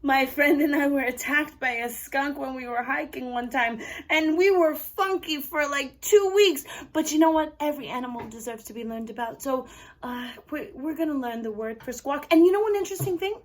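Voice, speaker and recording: Woman, high voice, animated, exclamatory, playful kids' teacher. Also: normal speed, distant mic. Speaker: arts camp teacher. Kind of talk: children's lesson with pretend play.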